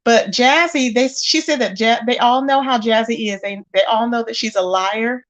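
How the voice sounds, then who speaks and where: Woman host for a casual gossip livestream, a little high-voiced, talkative, talks right to the chat. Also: normal speed. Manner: chatty, addresses viewers directly, exclaims often. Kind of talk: casual live-chat commentary.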